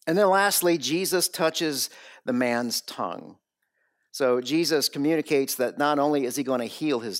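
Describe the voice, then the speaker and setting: An emphatic male preacher walks his listeners through a sermon. His voice sits a little higher than most men's, and he stacks repeated phrases and rhetorical questions to drive each point home. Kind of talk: expository sermon.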